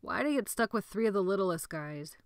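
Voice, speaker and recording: A woman's voice: mid-range voice, expressive, brisk, no room sound, clean studio sound, natural voice. Give me a cocky joking teen boy, as a woman puts him on in a storybook reading. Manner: teasing, casual slang.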